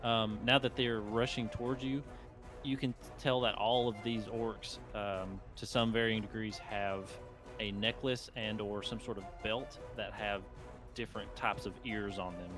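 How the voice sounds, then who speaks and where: A man's voice: fairly low pitch, steady tone, a little slow, music in the background. A man narrating as game master, describing scenes in a loose, rambling way.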